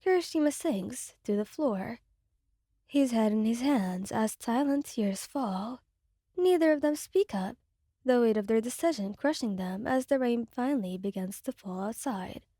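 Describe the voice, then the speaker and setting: A woman narrating a romance story in a quiet, somber ASMR style. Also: fairly high pitch, animated, measured pace, no echo, studio quality.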